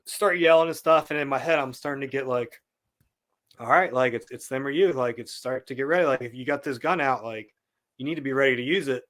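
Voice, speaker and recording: This man, a podcast guest, delivers a story at a fairly quick clip in a medium-pitched voice. He's casual and animated, acting out what others said.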